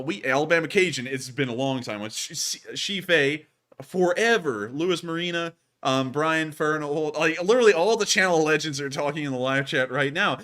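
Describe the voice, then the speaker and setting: A young man hosting a live news stream, talking in an excitable, rambling way with lots of "like". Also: fairly high pitch. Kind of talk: casual live-stream chat.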